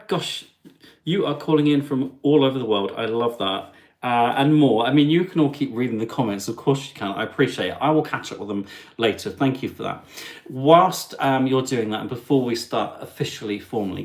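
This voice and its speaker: A man's voice: medium pitch, moderate pace. A man hosting his travel livestream, chatting in a cheeky, jokey way with asides to viewers. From England. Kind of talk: chatty live stream.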